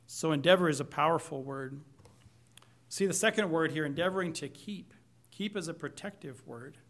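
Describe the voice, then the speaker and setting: A man's voice: a little high, moderate pace, fairly bright tone. A man preaching a sermon with earnest, emphatic delivery that swells and drops back. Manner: earnest, emphatic preaching with rising and falling intensity. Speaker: pastor.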